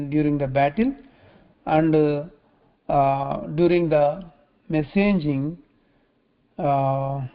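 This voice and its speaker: Slow, halting male scripture teacher. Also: a little high. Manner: halting, repeats and restarts phrases. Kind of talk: religious teaching talk. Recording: dull lo-fi recording.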